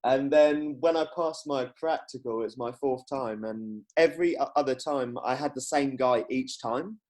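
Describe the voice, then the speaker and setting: A man's voice: mid-range voice, moderate pace, a little mellow. A young man, hosting a podcast in casual chat, rambling and laughing often as he acts out quotes. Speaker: podcast host.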